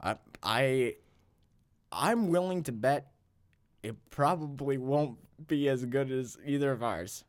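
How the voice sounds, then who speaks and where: A man's voice: mid-range voice, slow, no room sound, clean studio sound. A man hosting a casual comedy chat from a blanket fort, joking and teasing. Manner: joking, playful, self-deprecating. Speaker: podcast host.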